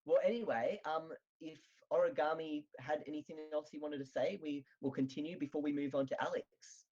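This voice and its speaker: Chatty Australian chat host, husky voice. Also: medium pitch, fairly quick, a little mellow, lo-fi sound. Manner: chatty, laughs often, storytelling. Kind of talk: casual group voice chat.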